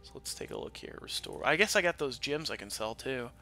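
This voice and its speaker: A man hosting a let's play with casual, crude commentary, swinging between loud excitement and quiet asides. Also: mid-range voice, fairly quick, soft background music. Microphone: desk microphone that peaks. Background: game audio.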